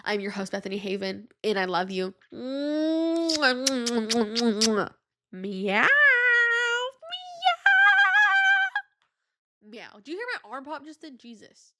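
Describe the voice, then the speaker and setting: A woman's voice: medium pitch, lively intonation, quick pace, hardly any pauses. A young woman hosting a podcast in casual chat, gushing and effusive, repeating herself often. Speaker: podcast host.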